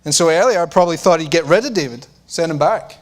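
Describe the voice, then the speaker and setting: During his sermon, the man speaks fast and expressively, performing the characters' dialogue. He lowers his voice to an intense register whenever he presses a point.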